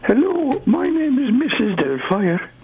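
A man on a phone call doing a falsetto impression of an elderly Scottish nanny woman. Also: very animated, unhurried, a little hiss or hum, exaggerated voice. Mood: chirpy. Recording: dull phone line.

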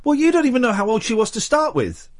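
A man's voice: very high voice, big pitch swings, fast. A man, hosting late-night talk radio from a studio, playful and teasing as he rambles. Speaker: radio host.

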